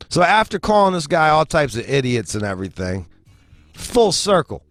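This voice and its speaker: A young man with a fairly high voice speaks at normal speed, with no echo and soft music playing behind him. Hosting a show, he tells a story as a profane comedic rant, swearing heavily and animatedly acting out the voices he quotes.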